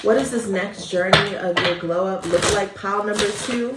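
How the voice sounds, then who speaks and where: A woman's voice: medium pitch, moderate pace, hardly any pauses. A woman giving a tarot reading in a chatty, hyped, affectionate way with casual slang. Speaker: tarot reader. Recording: echoey room, mic at a distance, faint noise.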